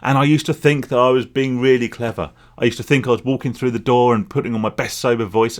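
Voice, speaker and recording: A man's voice: medium pitch, a little fast. A man speaking candidly in a rambling, confessional solo vlog about his past as a gambling addict. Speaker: vlogger, former gambling addict. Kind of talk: reflective solo vlog monologue.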